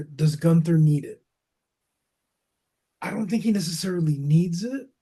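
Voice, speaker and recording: A man talks wrestling on a casual podcast, loose and animated, tossing in "bro" and "man". His voice sits fairly high for a man, but it has a mellow, warm tone. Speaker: podcast co-host.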